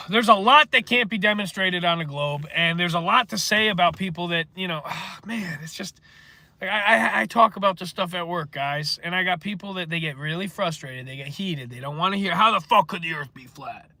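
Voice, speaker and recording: A man's voice: sits high, normal speed, pushed and bright, no echo. A man hosting a casual livestream, rambling and swearing as he answers chat comments. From northeastern United States. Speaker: livestream host.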